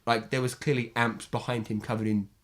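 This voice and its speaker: A man's voice: medium pitch, little pitch movement, a little fast. A young man from England co-hosting a podcast in casual chat, rambling and repeating words as he talks. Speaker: podcast co-host.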